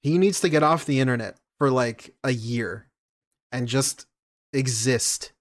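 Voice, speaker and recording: A man's voice: mid-range voice, unhurried. A man giving casual reaction commentary, mocking and incredulous, often laughing at what he hears.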